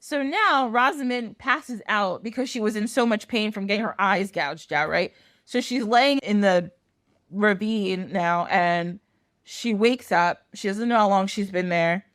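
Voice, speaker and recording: A woman's voice: medium pitch, unhurried, fairly bright tone, dry recording, studio quality. A woman podcast host telling a fairy tale in a chatty, casual way full of fillers and swearing. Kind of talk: casual storytelling.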